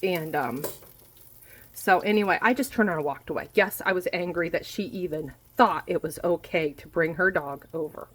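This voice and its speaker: A woman in her forties venting in a casual monologue, blunt and quick to swear, repeating herself for emphasis. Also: fairly low pitch, fairly bright tone, low-quality recording. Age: 40s. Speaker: vlogger. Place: home kitchen while food cooks. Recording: faint frying noise behind. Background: food sizzling in a pan.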